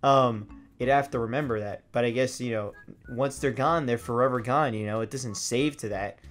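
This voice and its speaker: A young man hosting a gaming vlog, telling a story in a loose, swearing way and acting out his old reactions with sudden loud, high bursts. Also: moderate pace. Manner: animated, swears freely, acts out his past reactions in loud high outbursts. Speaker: gaming video host.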